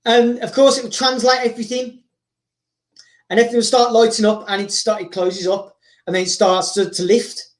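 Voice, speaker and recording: A man hosting, rambling excitedly through a story told casually, with frequent repeats and restarts. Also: high-pitched, brisk. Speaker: host. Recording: roomy echo.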